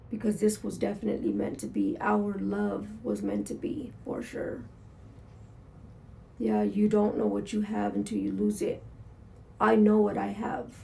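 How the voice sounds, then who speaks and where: Gravelly, candid woman vlogger. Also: mid-range voice, dark tone, a little hiss or hum. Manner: candid, earnest, swears freely. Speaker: motorcycle vlogger. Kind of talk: casual confessional storytelling. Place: at home, in pajamas.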